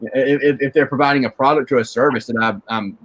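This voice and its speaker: A man's voice: medium pitch, fairly even intonation, fast talker, fairly bright tone. A man hosting a casual chat, rambling and restarting as he asks questions. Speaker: host.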